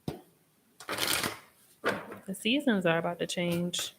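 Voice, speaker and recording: A young woman hosting a casual live tarot reading, chatty and expressive, with a reassuring tone and casual swearing. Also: medium pitch, measured pace, background noise. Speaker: tarot reader and live stream host.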